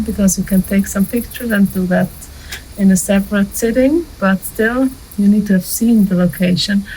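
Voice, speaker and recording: A woman's voice: mid-range voice, a little mellow, a little hiss or hum, rough recording. A woman explaining short-film pre-production in a casual, practical way, with light laughs and filler ums. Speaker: filmmaking instructor. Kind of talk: casual instructional talk to camera.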